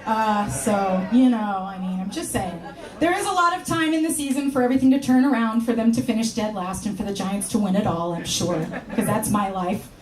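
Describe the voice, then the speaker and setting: A woman from California performing a stand-up comedy set on a club stage, with wry, deadpan asides and sudden high exclamations. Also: a little fast, a crowd in the background. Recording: roomy club sound from far off.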